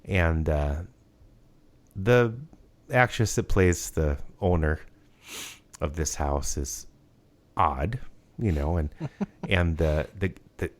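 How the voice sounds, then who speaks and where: A man's voice: extremely low pitch, slow, pauses often. A man co-hosting a podcast, chatting casually and rambling with many restarts and fillers. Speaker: podcast co-host. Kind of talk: casual chat.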